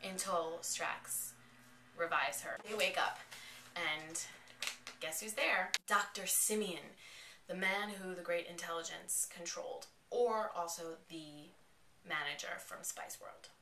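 A woman giving an excited, chatty plot recap of a TV episode, full of "like" as she retells the scenes. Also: lowish voice, slow, slight background noise. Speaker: TV episode reviewer. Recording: echoey, distant from the mic.

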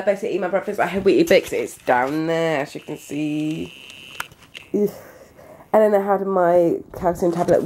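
A UK vlogger in her twenties chats casually from home, rambling and talking straight to her viewers. Her voice sits at medium pitch and is a little mellow.

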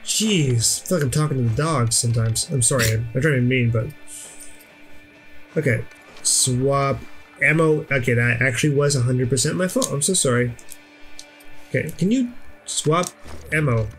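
A man playing a video game on camera, chatting casually and excitably, swearing when things go wrong and quickly apologizing, with game music faintly behind. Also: mid-range voice. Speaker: let's play gamer. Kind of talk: casual gameplay chat.

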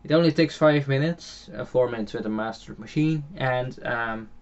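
A man's voice: mid-range voice, normal speed. Hesitant Dutch-accented man on a dull mic. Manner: hesitant, many filler sounds and restarts. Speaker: game channel host. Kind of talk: casual gameplay commentary voiced afterwards.

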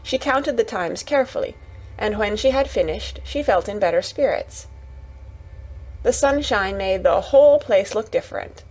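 A woman narrating a children's bedtime story in a calm, gentle reading voice. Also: medium pitch, moderate pace, poor audio.

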